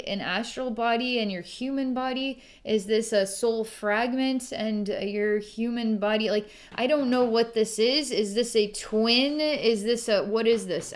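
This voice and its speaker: A woman giving a recorded psychic reading, musing aloud with halting pauses, frequent ums and sighs, and soft laughs. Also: mid-range voice. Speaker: psychic reader.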